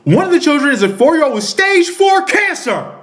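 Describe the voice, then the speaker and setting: A man's voice: very high-pitched, sing-song, a little fast, a bit bright, roomy sound. A man ranting angrily and sarcastically about politics, swearing heavily and reading a news article aloud with interjections. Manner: profane, furious, sarcastic ranting. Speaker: political commentator. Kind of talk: angry political rant.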